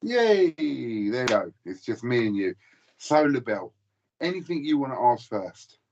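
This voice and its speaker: A man hosting a casual live stream, laughing easily as he reads out comments from viewers. His voice sits at a middling pitch, and the call audio sounds dull and lo-fi. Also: expressive, normal speed, a little mellow. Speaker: livestream host. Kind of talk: casual livestream chat.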